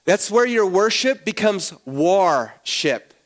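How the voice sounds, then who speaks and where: A man preaching an earnest sermon as pastor, often dropping low and quiet at the ends of his phrases. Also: measured pace.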